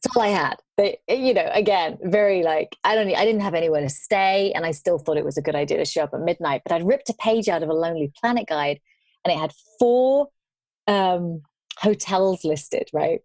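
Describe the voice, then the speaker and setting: A woman guest on a podcast, telling travel stories in casual conversation, animated and laughing now and then. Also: on the low side, fairly quick, no room sound.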